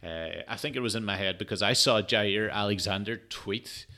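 Tired, sweary man with a bright low voice. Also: moderate pace. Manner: rambling, sweary, with frequent fillers. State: tired, yawning. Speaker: podcast host. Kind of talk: casual solo sports chat.

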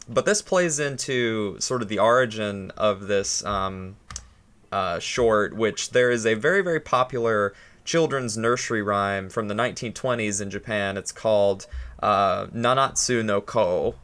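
Low-voiced man retelling a spooky story. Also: a little slow, a bit bright, smooth. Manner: rambling, many fillers and restarts. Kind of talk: casual podcast chat.

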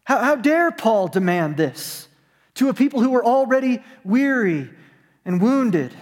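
A man delivers a sermon in a church sanctuary, his voice sitting high for a man. He preaches with animation, breaking into acted-out asides. A long reverb trails each phrase through the hall. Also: sing-song, measured pace, a little mellow. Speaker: pastor.

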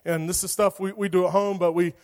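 A man preaches to young people, loose and joking, leaning on filler words. His voice sits high for a man, and a long reverb from the church hall trails behind every line. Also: little pitch movement, fairly quick, darkish tone. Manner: casual, joking, lots of "like". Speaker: youth pastor. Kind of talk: sermon.

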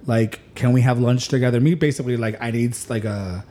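A man with a warm, mellow voice tells a long story in loose, casual talk. He rambles and fills his sentences with "like.". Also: mid-range voice, fairly quick. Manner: rambling, animated retelling with lots of "like".

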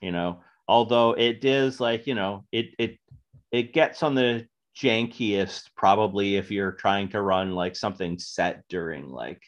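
Slow-talking man, relaxed interview guest. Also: on the low side. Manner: rambling, full of fillers and likes. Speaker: guest game designer. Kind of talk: casual interview chat.

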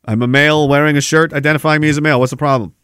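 A man's voice: a little high, fairly even intonation, rapid-fire, fairly bright tone, smooth, no echo, clean studio sound. A young adult man hosting a casual livestream podcast, reading chat comments and talking bluntly with a combative, swearing manner.

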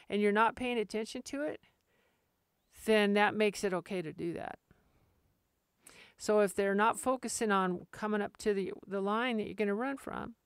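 A woman hosting a podcast on training retriever dogs, talking in a direct, practical way and acting out quick asides. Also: medium pitch, smooth, no echo, studio quality. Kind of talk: casual instructional podcast talk.

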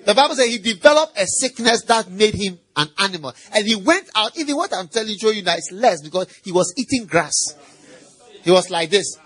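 A middle-aged man preaching a sermon as pastor, animated and playful, quizzing the congregation and mimicking animal noises. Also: high voice, fairly quick, breathy edge, some chatter behind.

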